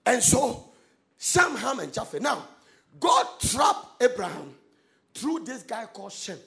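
A man preaching a sermon, swinging between quiet asides and loud, sung-out lines. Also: very high voice, very animated, slow pace, vocal fry. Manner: emphatic preaching with sudden shouted, sung-out phrases and laughter. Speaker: pastor.

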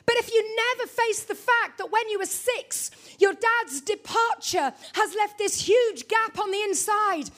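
A sermon comes from a middle-aged-sounding woman at the front of a church, her very high voice lively and playful as she teases the congregation. She speaks unhurriedly, barely pausing at all.

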